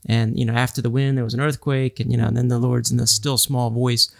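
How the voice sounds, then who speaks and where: A man on a podcast explaining scripture, quoting Bible passages at length in a relaxed study discussion. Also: mid-range voice, quick pace, creaky, dry recording, studio quality.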